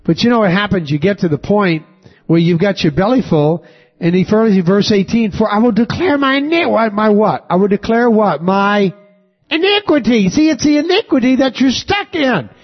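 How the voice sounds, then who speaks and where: High-pitched man preaching to a congregation, punchy call-and-response, kinda dull lo-fi sound. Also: expressive, normal speed, soft background music. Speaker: pastor. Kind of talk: sermon. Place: church sanctuary with congregation.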